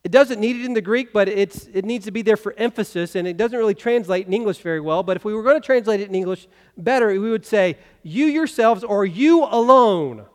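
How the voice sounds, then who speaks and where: High-voiced pastor preaching in a reverberant hall. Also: male voice, quick pace, few pauses, a little mellow. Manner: conversational preaching with rhetorical questions. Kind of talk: sermon. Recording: long reverb of a church hall.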